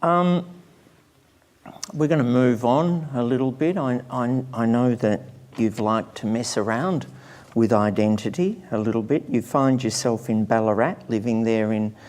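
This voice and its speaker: A man's voice: medium pitch, unhurried, darkish tone. Easygoing male interviewer. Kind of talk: interview questions.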